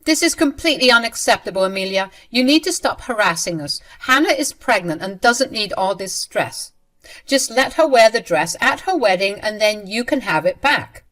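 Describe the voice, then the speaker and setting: A woman's voice: sits low, unhurried, fairly bright tone. A woman voicing an angry, entitled middle-aged mother who scolds and dismisses her daughter. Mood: scolding.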